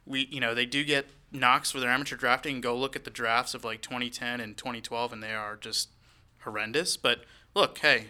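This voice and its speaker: A man co-hosting a casual sports talk show, speaking in a relaxed, conversational way. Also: mid-range voice, brisk. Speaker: podcast co-host.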